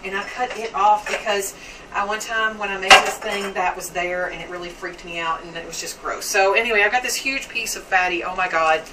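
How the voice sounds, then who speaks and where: A woman's voice: mid-range voice, brisk, heavy background noise. Lady yakking away while she cooks, mic kinda far off, pots and dishes clanking around. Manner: chatty, rambling, squeamish asides. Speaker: home cook vlogger. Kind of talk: casual cooking chat. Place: home kitchen. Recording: distant mic with kitchen clatter.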